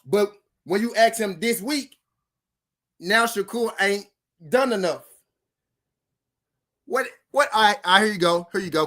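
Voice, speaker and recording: Pushed and bright, his high-pitched voice moves at a measured pace with frequent pauses as this boxing commentary host reacts. He talks straight to viewers in a casual, heated rant, cursing and going over the same points again.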